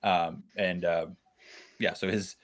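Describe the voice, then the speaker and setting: A man's voice: sits low, steady tone, slow. A man hosting a casual book club discussion over a video call, chatty, full of fillers and laughing often.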